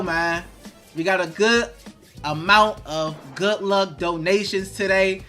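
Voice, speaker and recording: A man with a high, bright voice hosts a live draft watch party. He sounds restless and excited, chatting with his audience and reading their comments aloud. Faint music plays behind him. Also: slow. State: nervous and excited. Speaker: live stream host.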